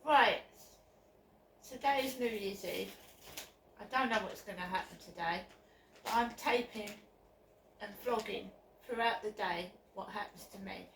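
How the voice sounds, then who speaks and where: In a mid-range voice at a measured pace, with vocal fry, long pauses and a slightly bright tone, a woman records a personal vlog by her flats. She's upset, insistent and repetitive, captured from a distance with echo and faint background noise.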